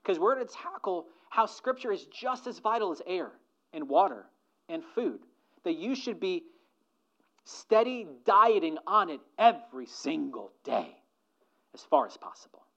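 A man's voice: sits high, very animated, a little slow, fairly bright tone, muffled recording. A man preaching a sermon to his congregation, earnest and full of rhetorical questions. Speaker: pastor.

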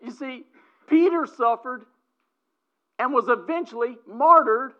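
Slow, emphatic preacher, lo-fi. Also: high voice. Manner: emphatic preaching, swings from loud exclamations to quiet asides. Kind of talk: sermon. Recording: dull lo-fi recording.

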